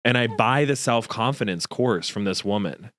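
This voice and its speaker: A man's voice: lowish voice, normal speed, a bit bright, dry recording, studio quality. A man in his thirties, a podcast host, telling a story in casual chat and acting out the dialogue. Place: podcast studio.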